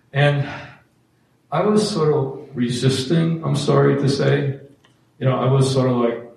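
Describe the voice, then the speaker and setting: A man's voice: mid-range voice, a little mellow, slight background noise. A man giving a personal faith testimony in a conversational, self-deprecating way, with many fillers. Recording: very echoey room, distant mic, faint ambience.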